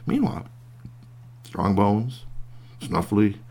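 A man telling a children's tale in a folksy, animated way. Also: lowish voice, measured pace. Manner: lively, folksy, puts on voices for animals. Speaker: storyteller. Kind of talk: oral storytelling.

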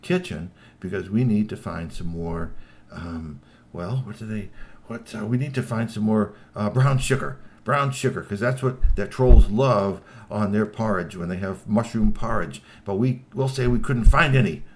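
A man voicing a scheming human hiding among trolls, talking low and hushed. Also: normal speed, slight background noise, lightly acted. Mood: plotting.

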